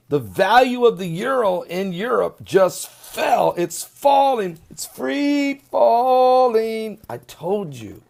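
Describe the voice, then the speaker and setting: A man giving an animated, sarcastic video commentary, swinging between loud emphasis and muttering. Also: high voice, vocal fry, slightly rough. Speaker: online commentator.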